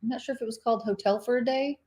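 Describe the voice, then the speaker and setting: A middle-aged woman talks in a somewhat high voice as she co-hosts a casual cruise live stream. She chatters along, laughs easily and reads out comments from viewers. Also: steady tone, very fast, mellow. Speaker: cruise vlogger co-host.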